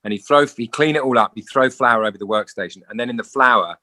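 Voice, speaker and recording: Animated English man telling stories. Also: mid-range voice, quick pace. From England. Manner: animated storyteller, acts out quoted voices. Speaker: guest actor. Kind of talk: casual interview.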